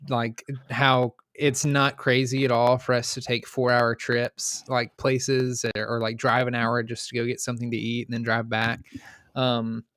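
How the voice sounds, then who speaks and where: A man chats in an easygoing way, stringing thoughts together with "like" and small restarts. His voice is smooth and clear. The mic is close and dry. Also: medium pitch, monotone, a little slow, a bit bright, no room sound. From Louisiana, USA. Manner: easygoing, talks in loose run-on sentences with many "like"s. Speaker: podcast co-host. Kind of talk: casual chat.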